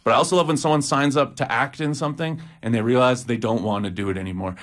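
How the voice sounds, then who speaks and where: A man on a campus radio show as a guest from the student TV station, animated and explaining at length. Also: medium pitch, fast talker. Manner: animated, explains at length, says "you know what I'm saying". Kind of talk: casual radio interview.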